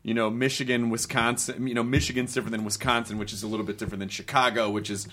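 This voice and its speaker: Man, mid-pitched voice, podcast host, relaxed banter. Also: quick pace, noisy background. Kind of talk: podcast conversation.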